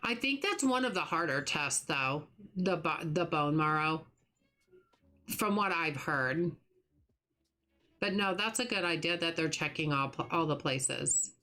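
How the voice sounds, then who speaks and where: A woman's voice: deep voice, lively intonation, a little slow. Chatty, sympathetic woman streaming a game. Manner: warm, sympathetic, chatty with restarts. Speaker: livestream host. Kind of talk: casual chat while gaming, reading chat.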